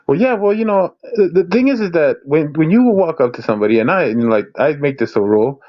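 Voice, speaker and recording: A man's voice: a little high, lively intonation, fast. Rambling man with lo-fi audio. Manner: rambling, repeats words, laughs often. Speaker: co-host reacting to videos. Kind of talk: casual reaction commentary.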